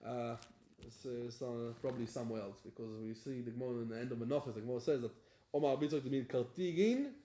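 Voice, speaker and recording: A rabbi teaching Talmud, chanting the text and then explaining it in plain talk. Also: male voice, medium pitch, fast talker, dark tone, roomy sound. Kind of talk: Talmud lesson, reading and explaining.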